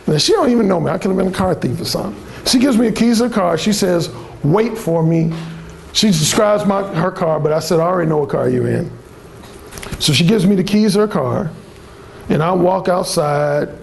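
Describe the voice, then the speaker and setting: A man's voice: sits high, a little fast, gravelly, a little hiss or hum, rough recording. A middle-aged man, a dating coach, telling a crude story to a seminar audience in a brash, profane way.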